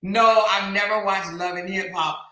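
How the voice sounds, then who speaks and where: A woman hosting a livestream reads chat to her viewers, speaking straight to them in heavy slang. Her mid-range, pushed and bright voice keeps a fairly even intonation at a moderate pace, but she's crying with laughter and keeps breaking off mid-sentence. The room sounds very echoey.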